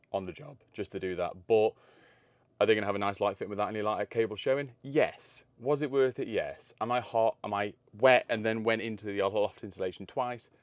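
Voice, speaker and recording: A man's voice: lowish voice, no room sound. A man, an electrician, talking through his work in an on-the-job vlog, thinking aloud as he goes, filmed on a phone outdoors and in a loft. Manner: chatty, thinking aloud while working. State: out of breath at times. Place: outdoors on a roof and in a loft, rainy. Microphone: phone camera.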